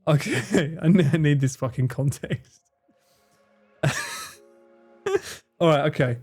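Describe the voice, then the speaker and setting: A man's voice: fairly high pitch, takes it slowly, darkish tone, breathy edge, soft background music. A man hosting a live stream in casual chat, reading chat, laughing often and swearing freely. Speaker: livestream host.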